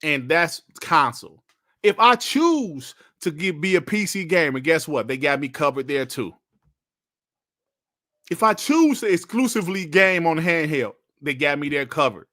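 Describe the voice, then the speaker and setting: Male gaming podcast host, blunt and slangy, slightly high voice with lively swings in pitch. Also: unhurried. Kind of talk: casual gaming podcast rant.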